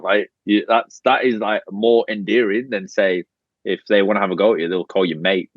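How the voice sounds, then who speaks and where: A low-voiced Australian man swears freely and tells stories bluntly, mimicking other people as he goes. His audio sounds dull and lo-fi, dry and close. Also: a little fast, dry recording. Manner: blunt, profane storytelling with animated quoted voices. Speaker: guest, reality show contestant. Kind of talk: casual podcast chat.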